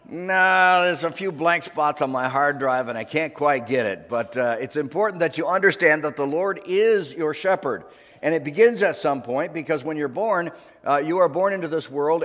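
Man preaching in a reverberant hall. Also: medium pitch. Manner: warm conversational preaching, leads congregation in call-and-response. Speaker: pastor. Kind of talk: sermon. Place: church sanctuary.

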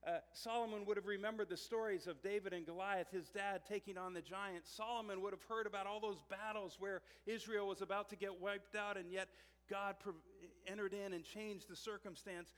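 High-voiced pastor preaching in a reverberant hall. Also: male voice, fairly even intonation, brisk. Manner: conversational preaching with storytelling, repeated restarts. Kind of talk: sermon.

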